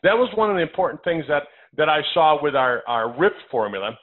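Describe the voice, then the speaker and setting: A man with a fairly high voice talks to listeners on a conference call, working through numbered health points. He hammers his phrases with repetition. The sound is thin and narrow, like a phone line. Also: big pitch swings, brisk. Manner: emphatic, repeats phrases, lists numbered points. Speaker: doctor hosting a health call.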